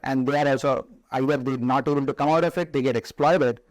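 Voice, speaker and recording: A man hosting a podcast, asking sympathetic, probing questions with frequent "uh" pauses. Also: medium pitch, steady tone, no room sound, poor audio. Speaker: podcast host. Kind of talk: interview questions.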